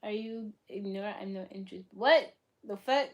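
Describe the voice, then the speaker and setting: A young woman from Boston chatting casually on a livestream, answering her chat in a blunt, profane way that swings between loud bursts and soft asides. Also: mid-range voice, moderate pace. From Boston, USA. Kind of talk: casual live-stream chat.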